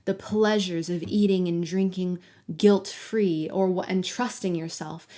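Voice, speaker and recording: A woman giving a collective tarot reading, talking softly and affectionately to the viewer and sometimes dropping to a whisper. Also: on the low side, fairly even intonation, a little slow. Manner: soft, affectionate, talks directly to the viewer. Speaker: tarot reader.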